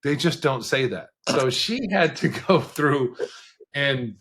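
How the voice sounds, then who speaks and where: A man's voice: mid-range voice, a bit bright, husky. Frank man telling his life story. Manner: frank and conversational, with quick bursts and laughs. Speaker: podcast guest, author. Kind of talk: candid storytelling interview.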